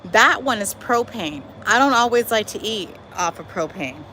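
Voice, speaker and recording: A woman hosting a casual live stream outdoors in her backyard, talking to viewers in a lively, chatty way and calling them y'all. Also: medium pitch, moderate pace, poor audio. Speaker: livestream host. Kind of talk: casual live chat reading viewer comments. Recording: faint outdoor noise with traffic.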